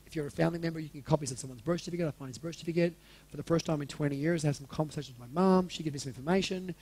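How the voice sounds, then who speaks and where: A man's voice: on the high side, racing, darkish tone, breathy edge. A man in his forties telling a personal story to a live audience in a candid, casual way, swearing freely and asking the room questions. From Australia. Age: 40s.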